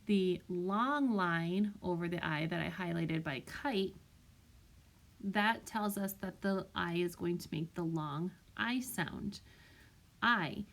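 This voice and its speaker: A woman teacher speaks slowly and patiently, sounding out each vowel with care for young children. Her pitch sits in an ordinary middle range, and she talks into a tablet microphone as she walks through a spelling lesson. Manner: slow, patient, sounds words out carefully.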